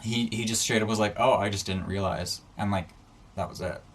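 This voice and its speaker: Young male vlogger, lowish voice, venting a grievance with exasperated energy, faint background hiss. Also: fairly quick. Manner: exasperated, animated venting with many "like"s. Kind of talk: ranting storytime vlog.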